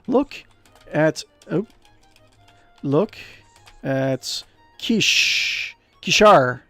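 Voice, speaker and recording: A male streamer working through a text-based fantasy game, reading descriptions aloud between rambling asides to his viewers. His voice is high and gravelly and swings widely in pitch, and the sound is close and dry. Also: expressive, normal speed, a little mellow, no echo, faint music behind. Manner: rambling, chatty, many fillers and restarts.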